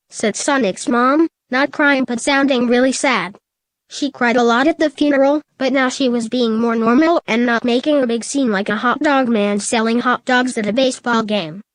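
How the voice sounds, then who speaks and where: Deadpan woman reading a comic story. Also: sits high, normal speed, no room sound. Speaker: narrator.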